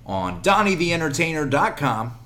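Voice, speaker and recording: A male comedian guest on a podcast, playful and expressive in casual banter. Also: a little high, normal speed, slight background noise. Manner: playful, expressive, plugs himself.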